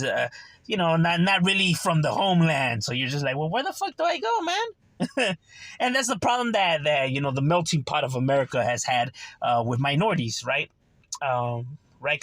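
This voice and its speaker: A man's voice: on the high side, fairly bright tone, dry recording. A man talking casually to his channel, full of slang and "you know" fillers. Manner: streetwise slang, frequent "you know" and "right". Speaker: channel host. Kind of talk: casual monologue to camera.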